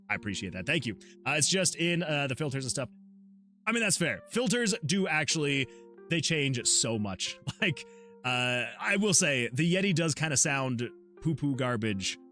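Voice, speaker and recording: Using a USB desktop mic, a solo game developer chats casually with his livestream audience. His voice is a little high with a sharp tone. He laughs often and reads chat messages out loud.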